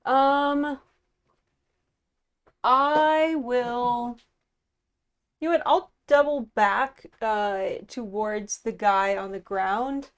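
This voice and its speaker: A woman playing a tabletop game, talking in a deliberate way and pausing often to think. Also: a little high, clear, resonant tone. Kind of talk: casual tabletop game play.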